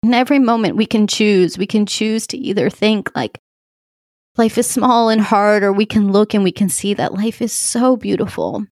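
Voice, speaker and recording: A woman's voice: medium pitch, normal speed, a little mellow, no room sound, clean studio sound. A woman coach speaking in a reflective solo podcast monologue, heartfelt and effusive, laughing often and using many fillers.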